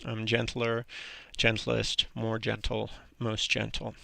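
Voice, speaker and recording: A man teaching an English grammar lesson in a relaxed, halting way, with frequent ums and restarts. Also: fairly low pitch, creaky, no room sound.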